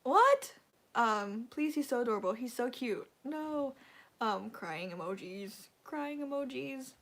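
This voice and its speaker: A woman's voice: fairly high pitch, expressive, a little slow. A young woman chatting on a casual fan livestream, rambling and gushing with lots of fillers, emotional and close to tears.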